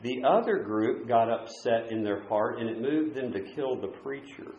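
A man preaching a sermon, moving between loud, emphatic points and quieter asides. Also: mid-range voice, expressive, normal speed, roomy sound, slight background noise. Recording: dull lo-fi recording.

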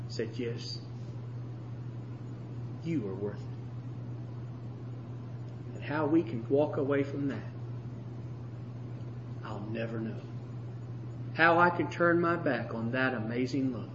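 A man preaching a sermon with passion, moving between shouting and a hushed voice. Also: mid-range voice, background noise. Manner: impassioned, swings from shouting to hushed. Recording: echoey room, slightly dull sound.

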